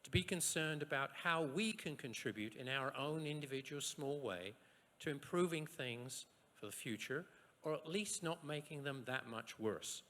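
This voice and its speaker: A man from Australia giving a university science lecture, rhetorical and lively, with asides and short jokes. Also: fairly high pitch, moderate pace. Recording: echoey lecture hall.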